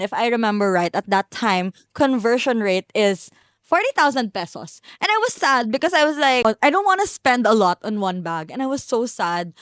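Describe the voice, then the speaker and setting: A woman's voice: fairly high pitch, a bit bright, dry recording, studio quality. Bubbly Filipino woman gushing about shopping. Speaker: vlogger. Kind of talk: casual haul vlog.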